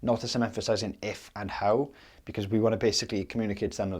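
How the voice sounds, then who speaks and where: A man in his younger years talks through a sales method as a coach. His voice sits fairly low. He keeps it casual and explanatory, checking in with "okay?" after each point. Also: flat delivery, quick pace, a little mellow, slightly rough. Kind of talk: instructional talk to camera.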